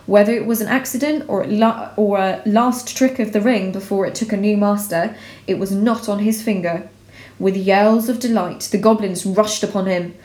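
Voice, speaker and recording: A woman reading a storybook aloud in a measured, expressive way. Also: medium pitch. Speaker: narrator. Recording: roomy echo.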